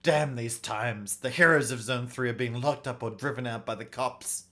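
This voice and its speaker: A man voicing an angry, rude male wolf bandit in a game, talking brashly and loudly. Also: medium pitch, moderate pace, close to an everyday voice. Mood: defensive. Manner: brash, shouting, swearing.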